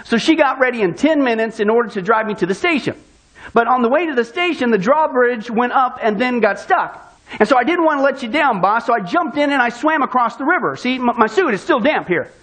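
A man's voice: very high voice, a bit bright, heavily acted, poor audio. A man voicing a flustered male worker who spins a wild excuse to his boss, rambling and pleading.

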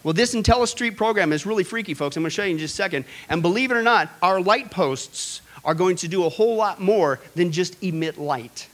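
A man preaching a sermon, excitable and direct, with many fillers and asides to his listeners. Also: high voice, a little fast, few pauses. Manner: excitable, talks straight to the audience with many fillers. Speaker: pastor.

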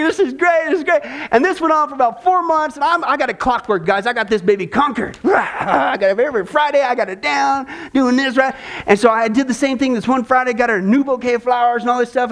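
A man preaching a sermon to a live audience, telling personal stories in an animated way and acting out other people's voices. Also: extremely high pitch. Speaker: pastor.

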